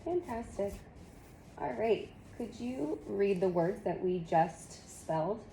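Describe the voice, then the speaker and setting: A woman tutoring one-on-one in phonics, giving patient step-by-step prompts and steady encouragement. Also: medium pitch, slow pace, gravelly, slight background noise. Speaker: reading tutor.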